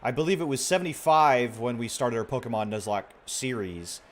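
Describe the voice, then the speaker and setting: A man streaming a video game, chatting casually with his viewers in a soft-spoken way, with sentences that often trail off quietly. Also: medium pitch, brisk. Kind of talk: casual gameplay stream chat.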